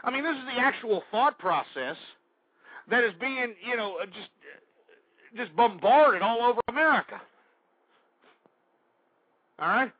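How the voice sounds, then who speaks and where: A man's voice: extremely high pitch, animated, unhurried, long pauses, husky, no echo, lo-fi sound. A man hosting a radio talk show, ranting angrily in political commentary and hurling insults, a little out of breath. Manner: angry ranting, shouting insults. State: out of breath, sweating.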